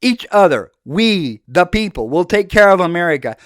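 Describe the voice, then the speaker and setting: A man's voice: high voice, very animated, normal speed, clean tone, no room sound, studio quality. Fiery older man ranting. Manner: fiery, accusatory, shouting into speeches. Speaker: podcast host. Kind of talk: impassioned political monologue.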